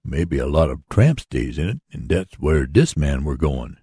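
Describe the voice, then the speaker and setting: Folksy earnest old sawmill worker, read by a man, deep gravelly voice, husky edge, storybook reading. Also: sing-song, unhurried, dark tone, no room sound, studio quality, exaggerated voice. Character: hard-working older man running a mule sawmill.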